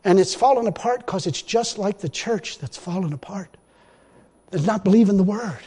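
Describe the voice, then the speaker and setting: High-voiced folksy preacher in a reverberant hall. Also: male voice, expressive, normal speed, husky. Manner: folksy, emphatic, swings to loud exclamations. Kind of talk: sermon.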